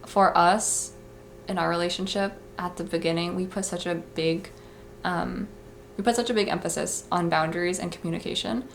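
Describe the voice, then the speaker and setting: A young woman speaks in a relaxed, confessional vlog manner. Her voice sits a little low and carries a noticeable gravelly fry. She rambles warmly through advice, peppering every thought with "like". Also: normal speed, a little hiss or hum. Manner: chatty, heavy use of "like", earnest advice-giving. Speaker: vlogger.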